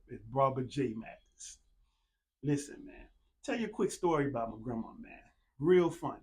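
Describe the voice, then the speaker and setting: A laid-back man hosts his own show, talking in a loose, easygoing monologue. His voice sits a little high for a man. He leans on "man" and "you know what I'm saying" over and over, like he's talking to friends. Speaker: podcast host. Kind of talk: casual monologue with shout-outs.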